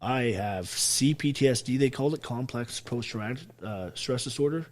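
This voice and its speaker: A man's voice: mid-range voice, moderate pace. A man, an army veteran guest telling his story bluntly and with heavy swearing, acting out what others said. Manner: profane, blunt, acts out quoted speech. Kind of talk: emotional storytelling on a podcast.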